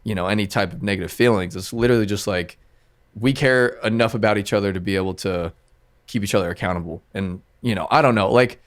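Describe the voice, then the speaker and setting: This man, a music producer chatting on a casual podcast, has a fairly low voice and talks fast. His speech is loose and rambling, looping back through his thoughts with lots of fillers.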